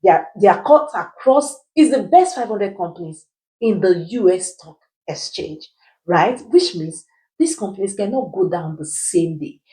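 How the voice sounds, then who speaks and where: A woman's voice: mid-range voice, expressive, moderate pace, dark tone, rough recording. A woman teaching personal finance who asks rhetorical questions and answers them herself, checking in with her listeners as she goes. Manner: keeps checking in with "right?". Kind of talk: explainer video.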